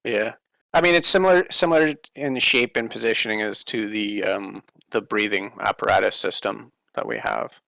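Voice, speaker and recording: A man, a game developer, explaining in a halting way in a group voice chat. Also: fairly low pitch, gravelly, sharp tone, no echo, low-quality recording. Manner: halting, filler-heavy. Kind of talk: casual voice chat.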